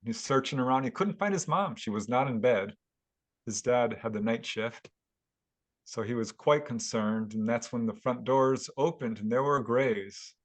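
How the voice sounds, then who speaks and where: A man, a guest author, telling a story at length in a casual interview, animated and laughing now and then. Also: mid-range voice, moderate pace. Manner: animated retelling with chuckles. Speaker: guest author and UFO investigator.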